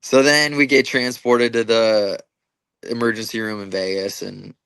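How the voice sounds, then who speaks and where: Young mma guy, low-ish voice, rambling and swearing a lot, dry close sound. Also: fairly even intonation, unhurried, gravelly, a bit bright, clear, resonant tone, no room sound. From Minnesota, USA. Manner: casual, profane storytelling with many fillers and restarts. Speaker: MMA fighter, interview guest. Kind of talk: casual interview chat.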